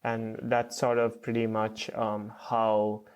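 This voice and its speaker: A young man, a podcast guest, speaking slowly and hesitantly with stutters, repeats and many fillers. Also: lowish voice, monotone, clean tone. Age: young adult. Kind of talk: podcast interview.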